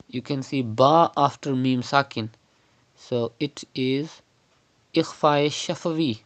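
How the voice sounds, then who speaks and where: A man teaching Quran recitation online, explaining pronunciation rules step by step and repeating words slowly as examples. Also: mid-range voice, fairly bright tone. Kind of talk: online tajweed lesson.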